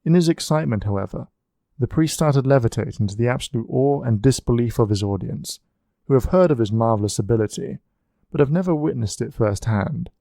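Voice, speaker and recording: A man reading a storybook aloud in a steady, even way. His voice is mellow and warm, sitting at an ordinary middle pitch. The recording is dry and close. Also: fairly quick, creaky, no echo. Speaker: audiobook narrator. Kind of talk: storybook narration.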